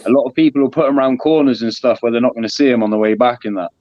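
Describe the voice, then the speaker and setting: Quick, chatty man on a dull line. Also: mid-range voice, dry recording. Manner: quick, chatty, asks for agreement. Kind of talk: casual live chat.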